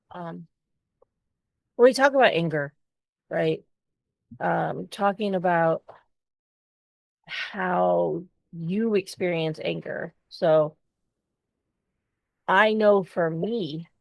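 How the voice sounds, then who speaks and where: Podcast co-host, woman, lower voice, frank and expressive, dry studio sound. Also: extremely slow, creaky, long pauses, no echo. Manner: candid and expressive, swears freely. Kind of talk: casual chat.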